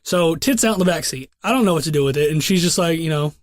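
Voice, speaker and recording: A man's voice: a little high, animated, fast talker, no echo, studio quality. A young man hosting a podcast, telling a long story in a casual, rambling way full of profanity and restarts. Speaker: podcast host.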